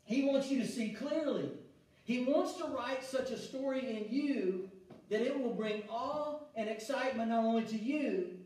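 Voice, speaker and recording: A male pastor preaching a sermon, swinging between loud exclamation and hushed, soft passages, with frequent restarts. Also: very high voice, unhurried. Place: church sanctuary. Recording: very echoey church room, mic at a distance.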